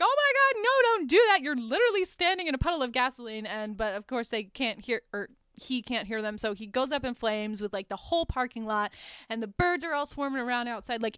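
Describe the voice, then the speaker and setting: A woman's voice: fairly high pitch, fairly bright tone, clean tone, dry recording, clean studio sound. A young woman, chatting casually as a podcast host as she recaps a horror film, full of "like" and little laughs. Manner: chatty, lots of "like" and laughs, acts out quotes.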